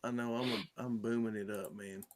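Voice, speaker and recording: A man hosting a casual online hangout, easygoing and halting, often restarting his sentences. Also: medium pitch, fairly even intonation. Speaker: host of the hangout. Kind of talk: casual chat on an online call. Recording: call audio with clear background noise and clicks.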